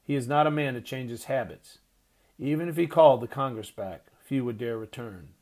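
A man's voice: mid-range voice, normal speed, a little mellow, lightly acted. A man reading the part of an older male merchant who gives gloomy, worried warnings.

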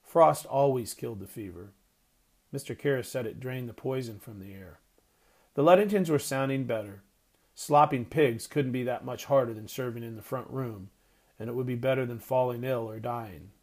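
Man, audiobook narrator, mid pitch, steady, measured storytelling. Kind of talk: scripted narration.

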